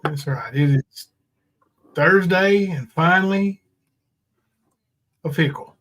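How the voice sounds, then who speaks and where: A man's voice: a little high, slow pace, a bit bright. A man co-hosting a livestream in casual chat, reading viewer comments aloud and joking. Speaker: livestream co-host.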